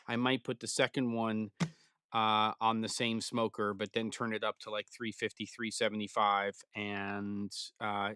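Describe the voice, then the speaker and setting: Male live-stream host, loose and chatty, smooth voice, dry close mic. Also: on the low side, no echo. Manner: relaxed and rambling, reading out chat comments. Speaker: YouTube channel host. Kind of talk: casual live stream chat. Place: barn.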